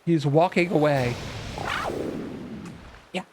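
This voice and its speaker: A man chatting through a video game stream, his voice sitting a bit on the high side. He rambles and jokes with his viewers in loose, casual asides. Soft game music plays behind him. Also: normal speed, long pauses. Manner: rambling, joking asides to chat. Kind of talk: casual live-stream commentary.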